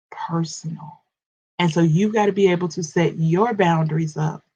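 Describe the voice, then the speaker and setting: A woman's voice: fairly low pitch, darkish tone, breathy edge, dull audio. A woman coaching and ministering in a live morning devotional, addressing her listeners directly, with repetition and stammered restarts.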